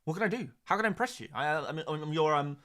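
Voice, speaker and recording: A man with a fairly high voice hosts a fantasy football live stream, talking fast. He reads viewer questions aloud and chats in an excitable, joking manner.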